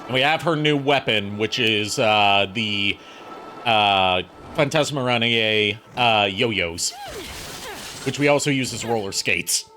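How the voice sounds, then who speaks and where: A man hosting a game stream, casually talking through his play with jokes and filler pauses. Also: lowish voice, bright, forceful tone, faint music behind. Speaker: streamer host. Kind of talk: casual gameplay commentary.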